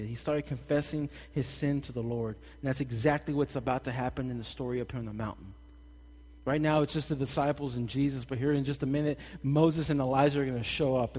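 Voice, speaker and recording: A young man preaching a casual, animated sermon with jokey asides, recorded in a church hall. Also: medium pitch. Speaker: pastor. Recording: long hall reverb.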